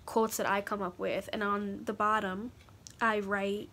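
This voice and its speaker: A young woman talking haltingly in a personal confessional vlog, pausing often to collect her thoughts. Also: mid-range voice, little pitch movement, pushed and bright. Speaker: vlogger.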